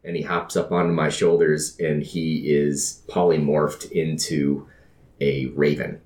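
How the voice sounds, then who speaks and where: A man's voice: a bass voice, flat delivery, measured pace, darkish tone, reverberant. A man playing a tabletop game, describing his character's actions and speaking in character with a dry, wry delivery. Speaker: player. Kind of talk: tabletop game role-play.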